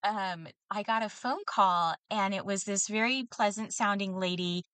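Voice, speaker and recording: A woman's voice: medium pitch, normal speed, fairly bright tone, clean tone, no echo. A woman co-hosting a podcast, telling a story in casual chat with lots of ums and laughs. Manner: storytelling with frequent fillers and laughs. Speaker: podcast co-host.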